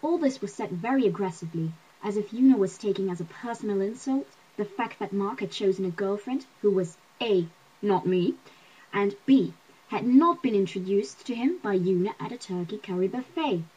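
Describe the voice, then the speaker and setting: A woman reading a novel aloud in wry, lively first-person narration, with a husky voice. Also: medium pitch, normal speed, low-quality recording. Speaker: audiobook reader.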